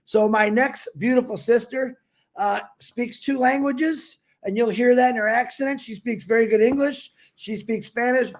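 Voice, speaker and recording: High-pitched male show host, warm effusive intros. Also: steady tone, moderate pace. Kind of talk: casual show hosting.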